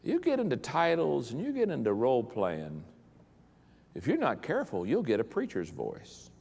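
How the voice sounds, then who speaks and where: A middle-aged leadership speaker gives a humorous motivational talk to pastors in a large hall, where long reverb trails his words. His husky, creaky, darkish mid-range voice swings hugely in pitch at normal speed as he jokes and playfully mimics other voices.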